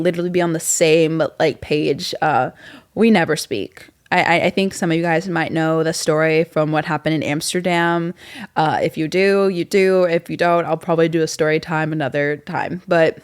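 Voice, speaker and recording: A woman in her twenties hosting her own podcast, telling a casual story with lots of fillers and getting animated when she retells scenes. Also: lowish voice. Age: 20s. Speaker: podcast host.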